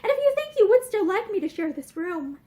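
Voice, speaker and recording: A woman's voice: extremely high pitch, sing-song, a little fast, warm tone, voice pushed up. Woman reading as an eager, tremulous young woman. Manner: eager, slightly tremulous speech. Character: earnest, sensitive young woman, easily flushed.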